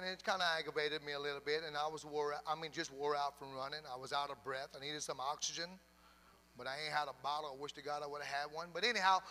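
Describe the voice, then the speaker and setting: A man's voice: on the high side, sharp tone. A man pastor preaching a sermon in a church, telling a folksy story and urging the congregation on. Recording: long reverb in a church hall.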